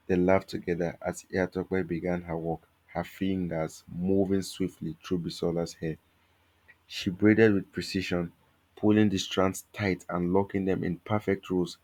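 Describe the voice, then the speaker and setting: A male storyteller reading a folktale aloud with steady, measured pacing. His voice sits very low and deep, and he carries the tale like a calm fireside narrator.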